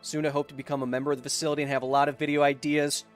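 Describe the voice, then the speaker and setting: A man hosting a science livestream, chatting casually and reading out viewer donations in an upbeat, joking way with bursts of excitement. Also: fairly high pitch, very fast, faint music behind. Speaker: science YouTuber host.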